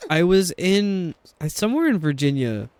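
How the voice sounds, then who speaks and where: A man's voice: high-pitched, very animated, moderate pace, a little mellow, clear, resonant tone, dry recording. A young adult man streaming a game, chatting in a rambling, casual way with lots of fillers. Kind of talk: casual chat while playing a game.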